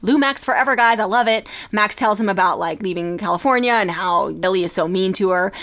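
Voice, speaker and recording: A woman co-hosts a podcast, chatting casually as she retells a TV episode and acts out the characters' lines. Her voice is medium-pitched and fairly bright, and she speaks fairly quickly.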